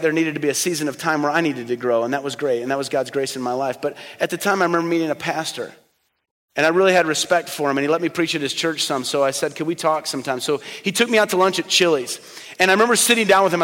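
A middle-aged man with a fairly high voice delivers a sermon from the pulpit. He tells personal stories, sinking to quiet, slow lines before pushing up to loud emphasis. His voice trails off in the long reverb of a church hall. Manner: storytelling, swings from soft and slow to loud and emphatic. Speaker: pastor.

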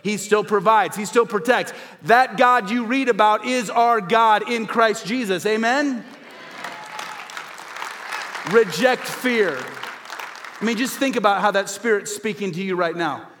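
Man, pastor, sermon, high voice, emphatic call-and-response refrains, long hall reverb. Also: moderate pace, few pauses, fairly bright tone, some chatter behind, slight background noise.

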